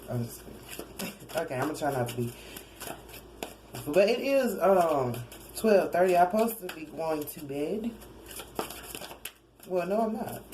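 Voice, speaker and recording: Low-voiced woman doing a chatty tarot reading. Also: background noise. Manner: rambling, self-correcting, chuckling asides. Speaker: tarot card reader. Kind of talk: casual spoken tarot reading.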